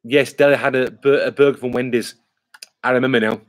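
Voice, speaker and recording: A man's voice: mid-range voice, steady tone, a little fast. A man, chatting casually on a live stream, reading viewer comments aloud and rambling with lots of fillers. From England. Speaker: vlogger hosting a live stream.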